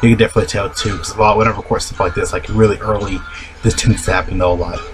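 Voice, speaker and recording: A man who has just woken up, talking in a low, groggy morning voice and rambling casually about a mobile game, repeating the same filler words over and over. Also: steady tone, racing, background noise. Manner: rambling, repeats "of course" and "though" constantly. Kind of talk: casual rambling video talk. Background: background music.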